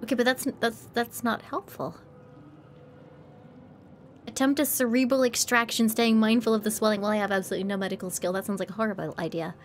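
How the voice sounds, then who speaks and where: Sick woman streamer, teasing and sardonic, slightly high voice. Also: steady tone, a little fast, slight background noise. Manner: teasing, sardonic chatter at chat. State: ill, throat infection. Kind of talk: casual live gameplay commentary.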